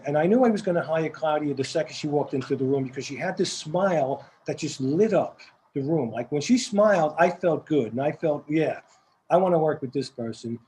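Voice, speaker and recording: An older man with a Staten Island accent, a film director telling rambling, animated stories in an interview, repeating words as he goes. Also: fairly high pitch, a little hiss or hum, poor audio. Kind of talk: casual storytelling interview.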